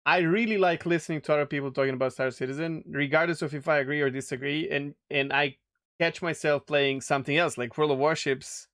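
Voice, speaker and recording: A man's voice: fairly high pitch, steady tone, a little fast, fairly bright tone. A man co-hosting a casual gaming podcast, rambling and enthusiastic, laughing often. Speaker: podcast co-host. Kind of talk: casual chat.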